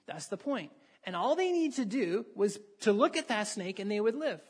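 Husky-voiced preacher reading scripture. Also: medium pitch, big pitch swings, moderate pace, darkish tone. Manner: conversational, asks the listeners questions and reads scripture aloud. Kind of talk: sermon with Bible reading.

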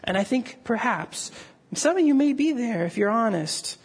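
A man's voice: extremely high pitch, animated, normal speed, slightly rough. A middle-aged man preaching an earnest sermon as pastor, pleading with his listeners and lifting his voice when stirred. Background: gathered congregation.

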